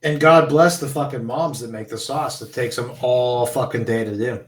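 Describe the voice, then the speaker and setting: A man's voice: medium pitch, steady tone, normal speed, echoey room, low-quality recording. A man who is a guest in a casual chat, laid-back and joking, swearing freely. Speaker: podcast guest.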